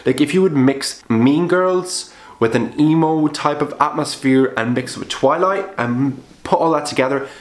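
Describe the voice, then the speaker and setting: A young man chatting casually about films he watched, bluntly and with sudden jumps up in pitch for emphasis. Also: a little slow. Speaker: film vlogger. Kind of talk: casual film review vlog. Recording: roomy echo.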